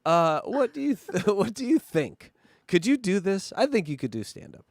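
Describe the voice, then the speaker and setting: A man host reacting to comedy clips, his voice on the higher side and leaping around as he mocks what he sees. He keeps up a stream of animated asides between the clips. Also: normal speed, dry recording, clean studio sound. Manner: mocking, animated, laughing asides. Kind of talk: casual reaction commentary.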